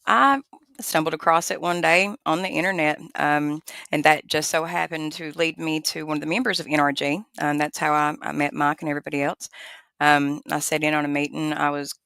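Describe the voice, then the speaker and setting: Smooth Appalachian woman, crisp and bright. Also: deep voice, steady tone, fairly quick, no room sound. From Appalachian Virginia. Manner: earnest and soft-spoken, with frequent "um"s. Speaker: guest. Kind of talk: interview answers.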